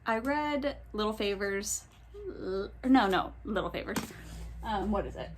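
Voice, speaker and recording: A woman's voice: mid-range voice, expressive, measured pace, a little hiss or hum. A young woman chatting casually at home in a book vlog, rambling with many ums and self-corrections, with the hiccups. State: has the hiccups. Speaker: book vlogger. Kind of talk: casual chat. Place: home, in her pajamas.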